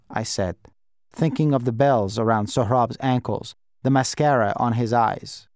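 A man narrating an audiobook in a measured, reflective way. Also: mid-range voice, a little mellow, dry recording, clean studio sound. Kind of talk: scripted narration.

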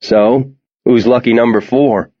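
A man's voice: medium pitch, steady tone, measured pace, dry recording, lo-fi sound, close to an everyday voice. A man reading an audiobook voices a tough teenage boy who talks bluntly and impatiently. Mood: defiant.

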